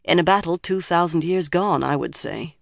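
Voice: medium pitch, gravelly, no room sound, natural voice. A cold, commanding older woman weighs each word, as an audiobook reader puts her on. The delivery is stern and level, with a mid-height voice. The sound is dry and close. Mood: cold, measured. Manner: measured, cold and firm. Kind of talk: audiobook character reading.

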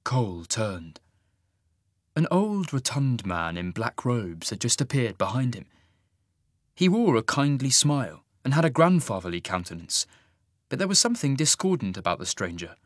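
A man narrating a fantasy story in an expressive, scripted reading. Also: medium pitch, no room sound, studio quality. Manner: expressive, rising sharply for the hero's angry lines. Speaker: audiobook narrator.

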